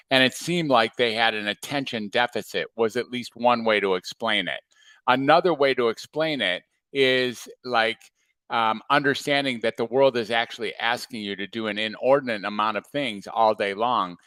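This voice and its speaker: Calm guy coaching on a livestream, lots of rhetorical questions, dry sound. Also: medium pitch, no echo. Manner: calm, reflective, asks many rhetorical questions. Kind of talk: motivational talk to viewers. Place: home or office, livestream.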